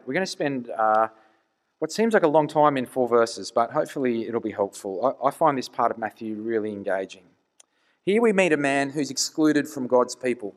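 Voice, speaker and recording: A man preaching a conversational sermon, earnest and full of rhetorical questions. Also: medium pitch.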